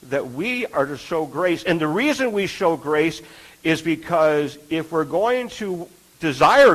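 A man's voice: a little high, poor audio. A man preaching a sermon in an earnest, conversational way, often asking his listeners rhetorical questions.

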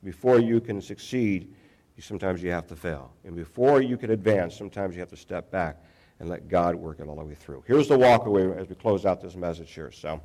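A man's voice: low voice, darkish tone. A pastor preaching a sermon in a conversational, self-deprecating way, often restarting his sentences.

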